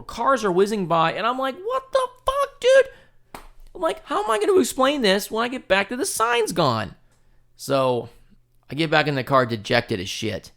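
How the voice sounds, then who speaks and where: A man hosting a podcast, telling a story in a casual, profane, animated way and laughing often. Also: fairly high pitch, creaky. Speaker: podcast host.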